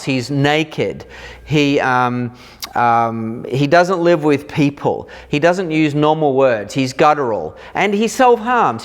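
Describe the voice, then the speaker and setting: Man teaching the Bible conversationally. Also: a little high. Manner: animated, acts out reactions in lively quoted voices; informal, with fillers and restarts.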